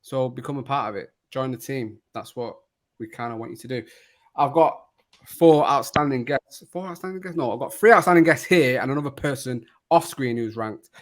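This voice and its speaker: A man hosting a casual kit-ranking chat, jokey and quick to laugh. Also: mid-range voice. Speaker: podcast host.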